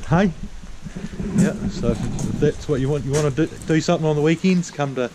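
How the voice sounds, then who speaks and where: A man's voice: on the high side, a little fast. A New Zealand man vlogging outdoors, rowdy, swearing a lot and calling out to his mate. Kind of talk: outdoor vlog chat. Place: outdoors in the countryside. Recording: outdoors with clear background noise.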